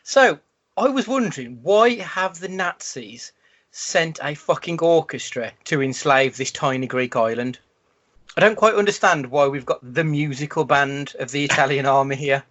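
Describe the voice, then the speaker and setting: A man's voice: on the high side, lively intonation, normal speed, a bit bright. A man co-hosting a podcast, riffing on a film with wry, sarcastic remarks. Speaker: podcast co-host. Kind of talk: casual film-review chat. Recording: dull lo-fi podcast audio.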